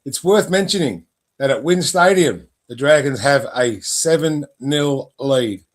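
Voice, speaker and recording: A man's voice: mid-range voice, lively intonation, a little slow. A man hosting a casual sports podcast, rambling and joking at his own expense, often stumbling over words. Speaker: podcast host.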